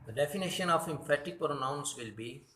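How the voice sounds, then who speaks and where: A man teaching a grammar lesson from slides, speaking deliberately and correcting his own slips. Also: fairly high pitch, expressive, sharp tone, reverberant, slight background noise. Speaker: English teacher.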